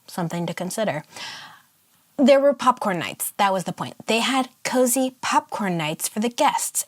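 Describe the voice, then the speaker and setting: A woman chatting casually about a sketch, playful and excitable, with quick asides. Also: fairly high pitch. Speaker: art vlogger. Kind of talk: casual chat while sketching.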